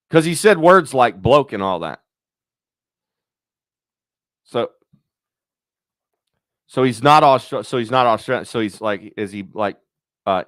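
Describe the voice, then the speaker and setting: A man's voice: mid-range voice, a bit bright, no echo, clean studio sound. A man hosting his own channel, thinking aloud in a rambling, profane, casual chat. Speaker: YouTube channel host.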